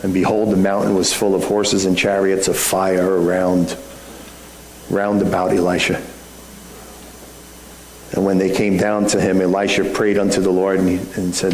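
A man's voice: deep voice, level tone, moderate pace, long pauses, a little mellow. Man preaching in an echoey sanctuary. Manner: conversational preaching with rhetorical questions. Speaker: pastor. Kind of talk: sermon. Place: church sanctuary. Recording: echoey room, faint background hum.

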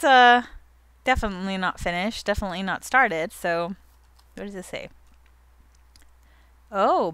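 A woman's voice: medium pitch, a bit bright, no room sound. A young woman who hosts a gaming channel, chatting casually and giggling as she narrates her own gameplay.

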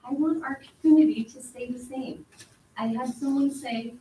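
A woman's voice: sits high, moderate pace, mellow, a little hiss or hum. A middle-aged woman speaking at a public hearing, emotional and pleading, her voice rising as she gets upset. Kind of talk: public comment at a council meeting. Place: council chamber. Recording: echoey hall, mic from a distance.

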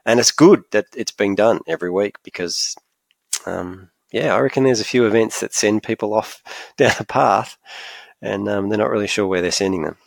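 A man hosts a relaxed podcast conversation, his fairly low voice carrying a gravelly edge. He sounds easygoing and agreeable, and the close mic keeps the sound dry. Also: moderate pace, no echo. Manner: easygoing, agreeable, lots of "yeah". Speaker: podcast host. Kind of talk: casual podcast chat.

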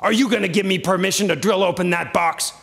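A man voicing a blustering male bank official who shouts threats down the phone, heard on a stage with long reverb. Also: high-pitched, fairly even intonation, fast talker, vocal fry. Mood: menacing. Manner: shouting, menacing. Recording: long reverb of a live theater.

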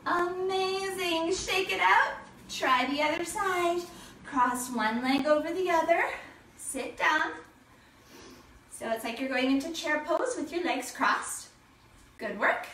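A woman's voice: high voice, animated, takes it slowly, long pauses, pushed and bright, roomy sound, distant mic, a little hiss or hum. A woman teaching a family yoga class for children, giving cheerful, encouraging instructions and making animal sounds.

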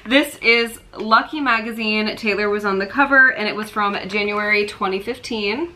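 Bright-voiced young woman, chatty vlogger. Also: medium pitch, normal speed, slight background noise. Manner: chatty and emotional, fan excitement. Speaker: vlogger showing a merch collection. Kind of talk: casual chat.

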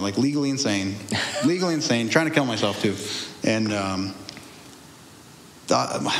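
A young man tells his story in a loose, rambling way, circling back and restarting his sentences. His voice sits at an ordinary middle pitch. It echoes in a roomy space with a long reverb tail and faint ambient noise behind it. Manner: rambling, restarts often, laughs through hard memories. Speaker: guest sharing a testimony. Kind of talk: candid conversational testimony.

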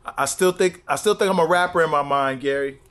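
Crude, riffing comedian guest. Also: male voice, on the high side, quick pace, a bit bright. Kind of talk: casual comedic podcast chat.

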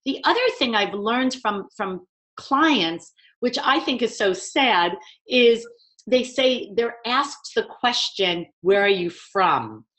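A woman's voice: on the high side, expressive, takes it slowly, fairly bright tone. A woman with a New York accent, a communication trainer speaking emphatically in a webinar conversation.

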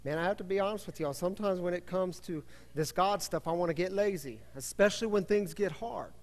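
Male pastor, slightly high voice, animated storytelling sermon, long church reverb. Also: a little fast, hardly any pauses. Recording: reverberant hall.

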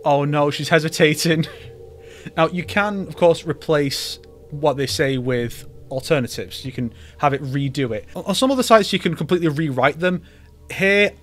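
A man hosting a YouTube video, giving comedic commentary with wry, sarcastic asides. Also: on the high side. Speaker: YouTuber host.

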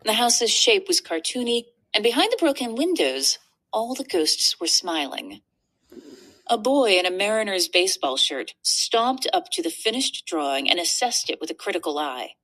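Expressive woman reading a children's story. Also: medium pitch, moderate pace. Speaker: reader. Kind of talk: storybook narration.

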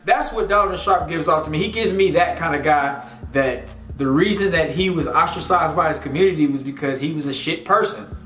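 A man's voice: fairly high pitch, brisk, fairly bright tone. A man hosting his own commentary video, talking bluntly and scornfully in a rambling, casual way. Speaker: commentary channel host. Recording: echoey room with faint music.

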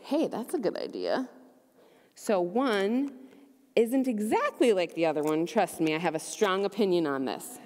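A young adult woman leads a children's message in church, upbeat and gentle, asking the kids simple questions. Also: medium pitch. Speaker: children's ministry leader. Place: church sanctuary. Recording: long church reverb.

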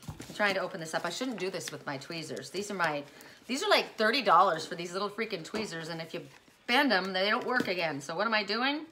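A woman chatting excitedly as she unboxes gifts in a casual vlog, gushing over each one. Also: medium pitch, a little hiss or hum. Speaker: spiritual vlogger unboxing gifts.

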